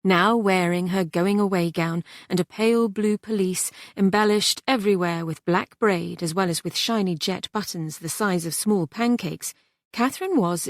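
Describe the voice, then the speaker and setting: A woman narrating a historical romance audiobook in an even, measured storytelling style. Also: mid-range voice, no room sound, studio quality.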